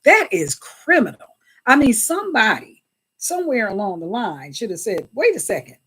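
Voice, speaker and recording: Woman, livestream host, animated and chatty, greets chat by name, devout asides. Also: fairly high pitch, normal speed, slightly rough. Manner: often invokes God and Jesus.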